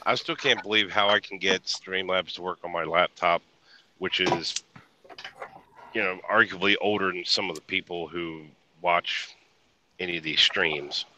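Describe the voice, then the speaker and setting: Man, very deep voice, dry jokes, noisy clicking mic. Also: fairly even intonation, normal speed, sharp tone. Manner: dry joking. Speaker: stream guest. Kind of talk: casual chat among friends.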